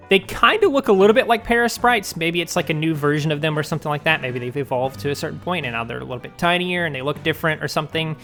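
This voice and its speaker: A man's voice: fairly high pitch, a bit bright. Rambling man in a casual fan commentary. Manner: rambling, speculative, lots of ums and likes. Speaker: fandom news video host.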